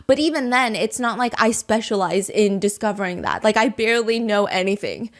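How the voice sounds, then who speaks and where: A woman hosting a podcast, telling a story in quick, animated casual chat with frequent asides. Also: medium pitch. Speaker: podcast host.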